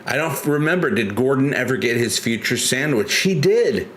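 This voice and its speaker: Brief: male stream host, middle pitch, rambly chat, faint hiss behind. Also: brisk, a bit bright. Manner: rambling, many restarts, chatty and joking. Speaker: livestream host. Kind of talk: casual live-stream chat.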